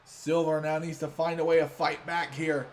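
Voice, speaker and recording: A man's voice: fairly high pitch, normal speed. Guy hyping up wrestling play-by-play like an announcer, slight hiss in the recording. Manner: excitable announcer hype. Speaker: commentator for a video game wrestling series.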